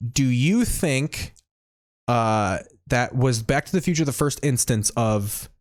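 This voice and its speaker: A man hosting a casual podcast, talking quickly with fillers, a little apologetic. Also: medium pitch, expressive, no echo, studio quality. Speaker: podcast host. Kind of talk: casual chat.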